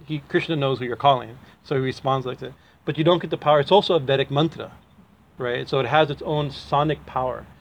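A man's voice: medium pitch, dull audio, a little hiss or hum. A man teaching in a chatty devotional talk, often restarting his sentences and chuckling as he explains. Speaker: spiritual teacher.

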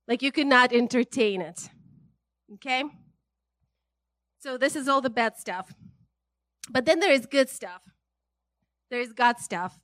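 A woman preacher giving a casual, conversational sermon, chatty and animated, often checking in with "right?" and laughing. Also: high-pitched, no room sound.

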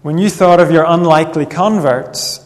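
A man preaching a sermon in an earnest, measured way, reading Bible passages aloud. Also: fairly high pitch. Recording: long reverb of a hall.

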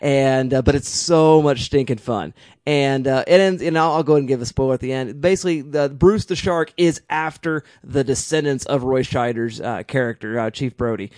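A man's voice: mid-range voice, moderate pace, darkish tone, dry recording. Enthusiastic rambling man, dry sound. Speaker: podcast co-host. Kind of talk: casual chat.

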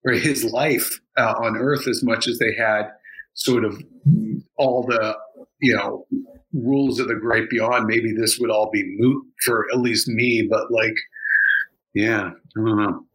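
A man chatting casually on a podcast, his voice bright and forceful. He rambles, circling his points with plenty of fillers and restarts. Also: lowish voice, fairly even intonation, measured pace, poor audio. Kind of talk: casual chat.

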